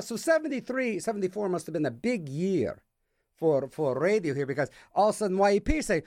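A male radio host talks from a studio with wry sarcasm. His voice sits high and swings a lot in pitch. The sound is dry and close, with no room echo. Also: very animated, normal speed. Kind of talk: rambling radio chatter.

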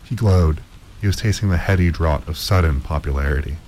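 A man reading a story aloud at a measured pace, with occasional stumbles and repeated words. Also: rumbling low, darkish tone, a little hiss or hum, low-quality recording. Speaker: narrator.

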